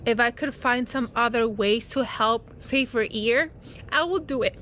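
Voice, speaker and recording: A woman's voice: fairly high pitch, a little slow, a bit bright, slight background noise. A woman talking outdoors as a spiritual coach in a casual, heartfelt vlog, rambling and comforting with many fillers.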